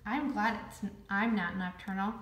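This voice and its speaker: A woman's voice: mid-range voice, fairly even intonation, normal speed, fairly bright tone, distant mic, lightly acted. A woman reading the part of a fussy, whiny little schoolgirl in a storybook. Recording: roomy echo.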